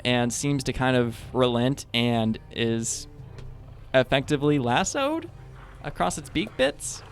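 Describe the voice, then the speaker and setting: Joking man running a tabletop game. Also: mid-range voice. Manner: loose, joking, with filler words. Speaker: game master.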